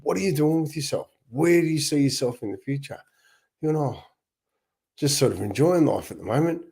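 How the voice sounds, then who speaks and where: A man's voice: fairly high pitch, animated, moderate pace, gravelly, a little mellow, husky. A middle-aged Australian man hosting a casual livestream, telling upbeat stories with frequent laughs and restarts. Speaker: not-for-profit founder and livestream host.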